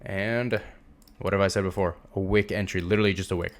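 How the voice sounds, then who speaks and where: A man's voice: low voice, steady tone, a little fast. A young man teaching a trading lesson over a screen share, casual and emphatic, repeating words for stress. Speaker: trading instructor.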